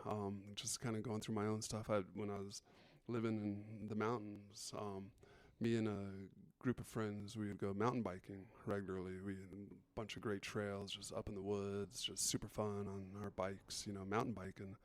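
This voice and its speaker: A man's voice: fairly low pitch, level tone, normal speed, few pauses. A man co-hosting a podcast, speaking in a reflective, meandering way with many fillers. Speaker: podcast co-host. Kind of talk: casual chat.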